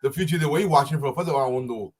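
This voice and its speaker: A man's voice: medium pitch, rapid-fire, a loud crowd. A man co-hosting a live talk show, calling out viewers' names with casual friendly slang. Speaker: show co-host.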